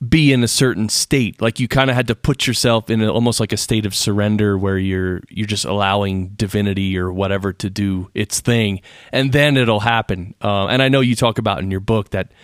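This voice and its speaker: A man's voice: lowish voice, steady tone, brisk, no echo, studio quality. A male podcast host asking a casual question in an interview, hesitant and full of fillers while he works toward his point.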